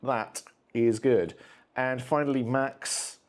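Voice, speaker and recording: A man's voice: mid-range voice, steady tone, slow. A man hosting a solo tabletop wargame session, chatting casually and talking to his cats between dice rolls. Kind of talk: casual play-through commentary.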